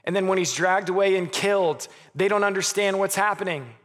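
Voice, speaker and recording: A man in his thirties preaching a sermon as a pastor. He speaks earnestly, stumbles on restarts, and drops soft and quiet on key words. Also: high voice, fairly quick. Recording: long reverb of a hall.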